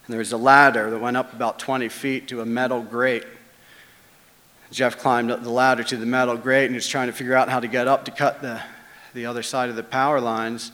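A man's voice: mid-range voice, little pitch movement, brisk, pushed and bright. Man telling a story in an echoey hall. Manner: casual, conversational, with swearing. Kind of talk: first-person spoken story.

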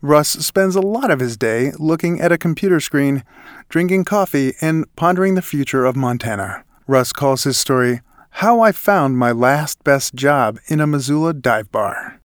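A male host reading a scripted introduction in a measured way. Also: a little high, lively intonation, no echo, studio quality.

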